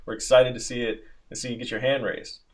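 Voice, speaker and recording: Quick-talking Southern podcast host. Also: male voice, mid-range voice, little pitch movement. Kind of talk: casual interview chat.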